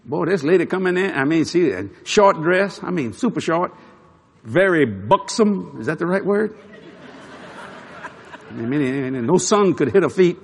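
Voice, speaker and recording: A man preaching a sermon, telling a funny story with frequent chuckles and shouted punchlines. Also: on the high side, unhurried, gravelly, slightly rough, a faint crowd. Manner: animated, chuckling, shouts for emphasis.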